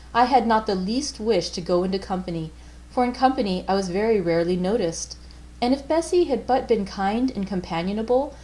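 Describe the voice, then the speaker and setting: A woman reads a classic novel aloud as a librarian host. Her first-person narration is measured and unhurried. Her voice sits at an ordinary middle pitch. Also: darkish tone, rough recording.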